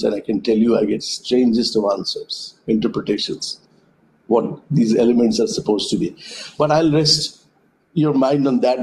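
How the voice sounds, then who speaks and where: A man's voice: medium pitch, a little mellow, slight background noise, poor audio. A man giving a reflective conference talk by video call, a thoughtful storyteller who speaks in metaphors. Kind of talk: reflective talk told through parables. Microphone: web conference call.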